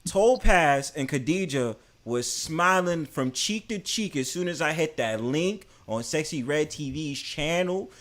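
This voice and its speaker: Man, New York accent, brash, loud, high-pitched, casual stream banter. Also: animated, unhurried, few pauses. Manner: loud, brash, talks over others.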